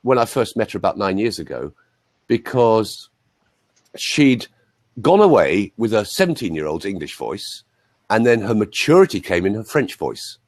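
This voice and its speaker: A man's voice: on the low side, normal speed, dry recording. A man working as a voice coach, chatting casually and telling rambling anecdotes full of asides. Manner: animated storyteller, rambling asides.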